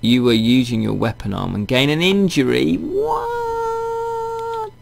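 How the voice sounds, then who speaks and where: A man's voice: medium pitch, lively intonation, fairly quick, creaky, heavy background noise. A man reading a fantasy video game aloud in a wry, chatty way and thinking aloud as he plays. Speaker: gaming channel host.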